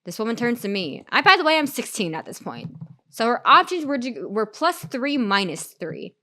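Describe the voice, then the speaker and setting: Brief: young woman streamer, chatty rambling storyteller, bouncy lively intonation. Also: a little high, normal speed. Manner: rambling, full of "like" and restarts. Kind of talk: casual storytelling chat during a game stream.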